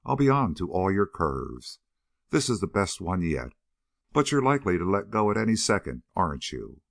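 A man's voice: sits low, big pitch swings, moderate pace, gravelly, dry recording, studio quality, exaggerated voice. A man reading Jamison, a cool, composed schemer. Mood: coolly mocking. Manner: cool, composed, dryly ironic.

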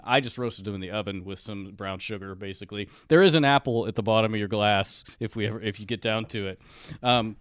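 A man's voice: lowish voice, fast, fairly bright tone, no room sound. A man from Long Island with a Long Island accent, hosting a casual podcast chat, reading a drink recipe and then explaining it with lots of "like" and trailing thoughts. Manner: trails off, hunts for words, says "like" often. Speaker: podcast host making drinks.

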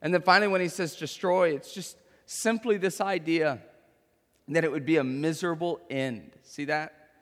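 Male pastor, 30s, slightly high voice, chatty sermon delivery, long hall reverb. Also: normal speed. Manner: conversational preaching, tag questions and anecdotes.

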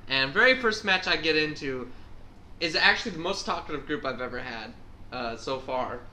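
A man co-hosting a casual podcast chat, an animated storyteller who acts out voices. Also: on the high side, normal speed. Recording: echoey room, faint hum.

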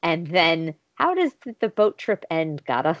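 Low-pitched woman chatting through an episode recap, dry dull sound. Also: a little slow, dry recording. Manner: animated storytelling, acting out quotes. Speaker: podcast co-host recapping a show. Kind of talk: casual chat.

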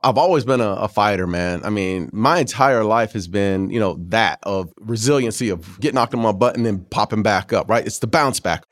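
Man, 50s, former athlete. Low-pitched, lively storyteller who voices the people in his stories. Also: brisk, few pauses. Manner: animated storyteller who acts out quotes, peppered with "man". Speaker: former pro football player, guest. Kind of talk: storytelling interview.

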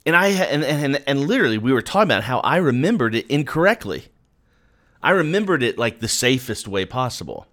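A man's voice: mid-range voice, big pitch swings, a little fast, fairly bright tone. A man giving an earnest, conversational devotional talk, speaking directly to the listener.

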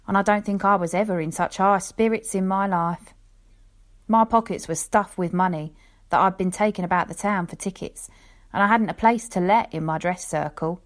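A woman voicing an old male lion tamer who tells a rambling, folksy tale in an unhurried way, as in a storybook reading. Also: lowish voice, lightly acted.

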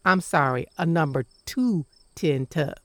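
An actress playing a guarded, sharp-tongued woman who lives alone in the woods, curt and commanding with a dry wit. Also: sits low, expressive, unhurried, no room sound. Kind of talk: radio drama acting.

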